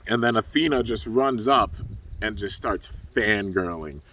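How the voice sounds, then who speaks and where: A man's voice: fairly low pitch, a little slow, pushed and bright, far from the mic. A young man casually recapping a cartoon episode for his channel, rambling with lots of fillers. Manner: laid-back, rambling, full of fillers. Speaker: YouTube reviewer.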